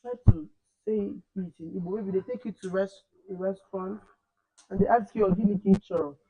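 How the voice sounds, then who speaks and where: A man's voice: sits high, steady tone, fairly quick, muffled recording. A man teaching a language class to children, quizzing them, repeating and correcting phrases, switching between two languages. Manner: switches between Igbo and English.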